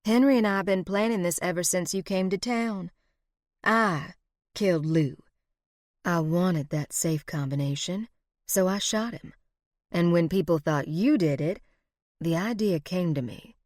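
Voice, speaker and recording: A woman's voice: on the low side, a little mellow, dry recording, studio quality, natural voice. Woman doing Rosalie, a purring scheming outlaw. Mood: matter-of-fact. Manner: purring, teasing, slow drawl.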